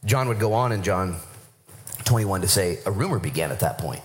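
Male pastor, sermon, animated storytelling, acted quotes, very lively pitch. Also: brisk, slight background noise.

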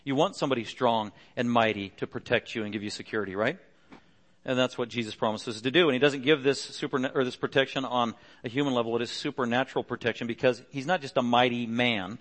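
A middle-aged male pastor preaching a sermon earnestly, pressing harder and louder on key points. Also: medium pitch, steady tone, quick pace.

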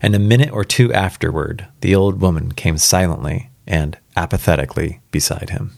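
A man's voice: sits low, normal speed, vocal fry, no echo, clean studio sound. Casual man reading a spooky story aloud. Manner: casual, reacts aloud between passages. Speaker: reader. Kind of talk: live first-time story reading.

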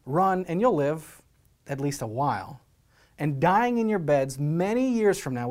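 A male preacher quoting a defiant medieval rebel leader as he rallies his troops in an impassioned, loud delivery. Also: high-pitched, pitched above the performer's own voice.

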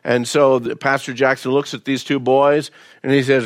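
A man's voice: medium pitch, flat delivery, normal speed, no room sound, studio quality. A male pastor preaching a sermon in a folksy, conversational way, telling stories and often repeating words as he goes. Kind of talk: storytelling sermon.

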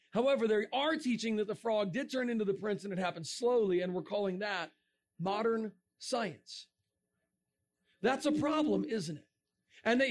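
A middle-aged man giving a lively creationist talk to a young audience, joking and asking the crowd questions. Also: sits high. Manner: animated, asks the crowd questions, jokes. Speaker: creationist speaker.

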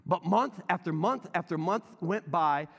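A man's voice: high voice, measured pace, creaky, fairly bright tone, big-room sound. A man preaching a sermon as pastor in a church, talking conversationally and addressing the congregation directly.

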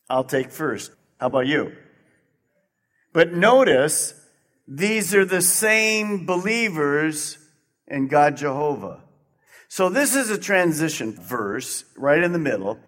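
A male pastor delivers a sermon, moving between loud, emphatic high points and quiet, low stretches. The recording carries a long hall reverb.

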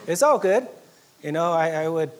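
A man from Southern California preaching a sermon, swinging from loud emphatic lines to soft, almost whispered passages, with chuckles along the way. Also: fairly high pitch, lively intonation, moderate pace. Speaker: pastor.

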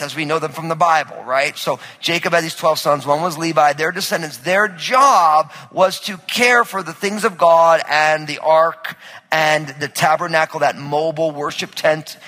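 A man's voice: a little high, pushed and bright. Man preaching in a reverberant hall. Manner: conversational, asks the audience questions. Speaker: pastor. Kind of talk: sermon.

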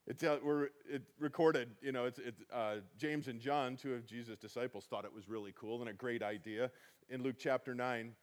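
Man teaching the Bible conversationally. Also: mid-range voice. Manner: reads scripture aloud then explains it in a chatty, emphatic way.

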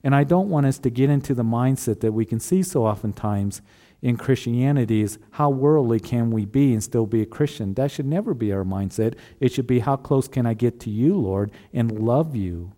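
A man's voice: mid-range voice, animated, normal speed, dark tone. A man preaching a sermon as a pastor, earnest and repeating rhetorical questions to the congregation.

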